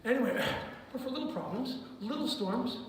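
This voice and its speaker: Hoarse man teaching kids, echoey hall. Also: very high-pitched, expressive, normal speed, a little hiss or hum. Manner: gentle, playful, talks to children. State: hoarse, recovering from illness. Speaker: children's ministry leader. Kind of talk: kids' song lesson. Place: church hall. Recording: echoey hall, mic far off.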